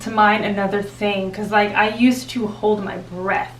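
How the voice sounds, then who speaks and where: A woman's voice: medium pitch, little pitch movement, moderate pace, a little hiss or hum. Host, woman, casual and encouraging; distant mic, echoey room. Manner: affirming, frequent listening sounds. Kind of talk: casual interview chat.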